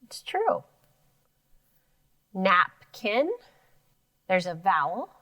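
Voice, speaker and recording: Slow, lively-voiced woman teacher. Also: mid-range voice. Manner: slow, sounding out words syllable by syllable. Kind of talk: elementary phonics lesson.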